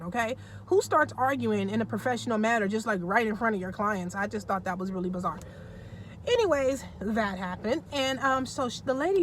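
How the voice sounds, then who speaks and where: A woman vlogger chatting her way through a personal story, animated and laughing as she goes. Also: on the high side, a little fast, slight background noise. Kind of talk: casual storytelling.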